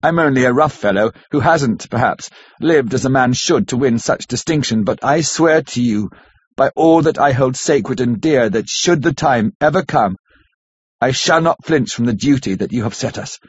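A man reading the part of a rough, loyal young man swearing an earnest oath in an audiobook. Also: medium pitch, expressive, moderate pace, dry recording. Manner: earnest, vowing. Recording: dull lo-fi audiobook recording.

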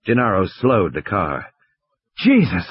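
A man narrating an audiobook thriller with expressive, dramatic storytelling. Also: medium pitch, normal speed, breathy edge, no echo. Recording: dry, slightly dull audiobook recording.

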